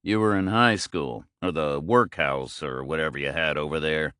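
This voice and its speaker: A man's voice: rumbling low, moderate pace, bright, forceful tone, smooth, no room sound. A man voicing a laconic ex-military police drifter in an audiobook, terse and dry. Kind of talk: audiobook character voice.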